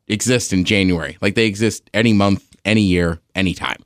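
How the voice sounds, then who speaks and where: A man's voice: deep voice, fairly quick, no echo, studio quality. A man co-hosting a casual podcast, easygoing and encouraging, often tossing in "right?". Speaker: podcast co-host. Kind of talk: casual chat.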